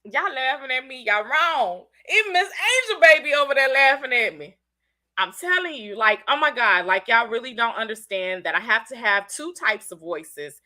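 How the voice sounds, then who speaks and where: Chatty woman with a stuffy cold. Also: a little high. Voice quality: country-sounding speech. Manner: chatty, animated, talks straight to viewers. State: congested from a cold. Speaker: livestream host. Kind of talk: casual livestream chat.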